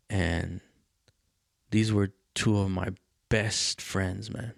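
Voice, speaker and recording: A man's voice: low voice, fairly even intonation, very slow, creaky, no echo, clean studio sound. A man hosting a podcast, telling a personal story in a candid, rambling way, full of fillers and swearing. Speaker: podcast host.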